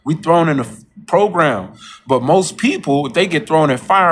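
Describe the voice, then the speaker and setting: A man's voice: lively intonation, normal speed. A man talking, preaching and repeating his phrases as he goes. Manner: preachy, repeats "you know what I'm saying"; mocks coworkers in a high voice. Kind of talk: casual monologue vlog.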